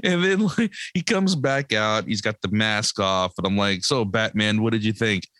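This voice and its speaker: Animated man telling a story. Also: fairly low pitch, normal speed, no echo. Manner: animated, laughing, acts out a child's lines. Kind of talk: casual storytelling chat.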